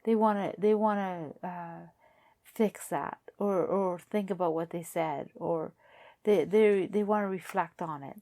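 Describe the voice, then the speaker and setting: Low-voiced woman musing through a tarot reading. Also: mellow. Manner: musing aloud, halting and repetitive. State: losing her voice. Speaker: tarot reader. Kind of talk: casual tarot card reading.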